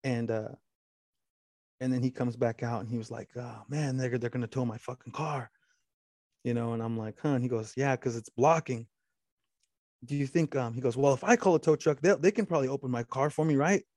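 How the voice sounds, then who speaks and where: Fairly quick and a little mellow, a man rambles through a lengthy story during casual chat, cursing often and restarting his sentences. He quotes the other man extensively in a low voice. The recording is dry with clean studio sound.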